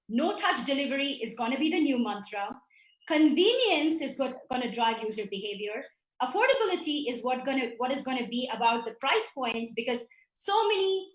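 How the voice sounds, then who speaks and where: High-voiced woman presenting business slides. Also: distant mic. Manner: emphatic, with some restarts. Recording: roomy, from off the mic.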